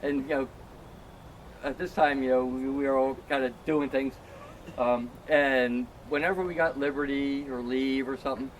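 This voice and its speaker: A man's voice: mid-range voice, steady tone, moderate pace, slight background noise. A middle-aged man telling a long, self-mocking story among friends, full of "um" and "you know.". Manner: rambling, filler-heavy, self-mocking. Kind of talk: casual anecdote.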